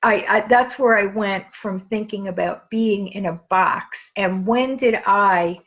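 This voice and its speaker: A woman's voice: mid-range voice, unhurried, a bit bright. A middle-aged woman hosting her own live stream, talking through personal memories in a casual monologue, rambling with many restarts and fillers. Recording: slightly dull lo-fi audio.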